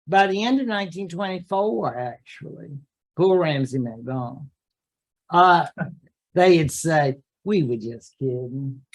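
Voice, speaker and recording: A man giving a university history lecture in a classroom, with joking asides and acted-out quotes of historical figures. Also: high voice.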